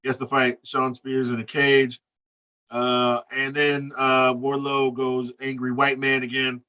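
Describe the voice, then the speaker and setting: A man on a casual wrestling podcast, talking loud and animated, cursing freely and laughing. His voice is bright and forceful. He sits a little back from the mic. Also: mid-range voice, measured pace, recorded from a distance. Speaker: podcast co-host recapping wrestling. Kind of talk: profane casual chat.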